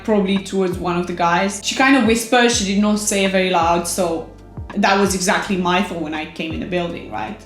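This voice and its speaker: A woman in her twenties telling a story from her own life for a vlog, chatty and emphatic, often saying "like". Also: fairly high pitch. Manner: chatty, emphatic retelling with frequent "like". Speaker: vlogger. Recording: roomy echo with faint background music.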